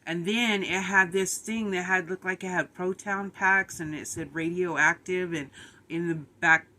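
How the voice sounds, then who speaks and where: A middle-aged woman talks to her vlog audience in a loose, rambling way, giggling now and then. Her voice is bright and a little sharp. She sounds tired and worn down. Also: on the low side, fairly even intonation, unhurried. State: tired, run down. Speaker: vlogger. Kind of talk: casual vlog chat.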